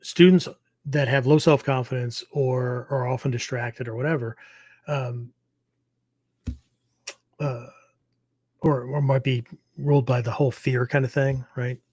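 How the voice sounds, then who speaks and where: Husky-voiced man teaching in rambling talk. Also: medium pitch, steady tone, a little slow, pauses often, darkish tone, dry recording. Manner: rambling, with many fillers and "okay?" check-ins. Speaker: martial arts instructor and podcast host.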